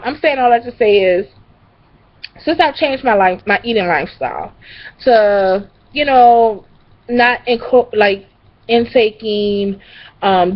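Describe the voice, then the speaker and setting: A young woman telling a casual story to her camera, rambling and profane, with lots of fillers. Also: mid-range voice. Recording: dull lo-fi recording.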